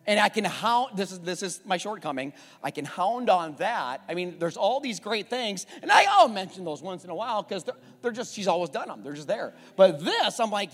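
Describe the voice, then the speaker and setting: A man in his forties preaching a sermon as a pastor, telling a candid family story, rising when worked up and going soft when reflective. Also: sits high, big pitch swings, a little fast. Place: church sanctuary. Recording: church hall with long reverb and faint music.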